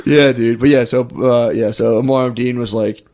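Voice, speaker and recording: A man's voice: mid-range voice, steady tone, normal speed, a little mellow. A man co-hosting a comedy podcast in casual chat, rambling and acting out quoted voices between laughs. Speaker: podcast co-host.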